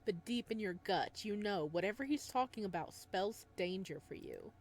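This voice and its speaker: A woman playing a game, reading its narration aloud and reacting excitedly, talking back to the character. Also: mid-range voice, normal speed. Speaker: game player.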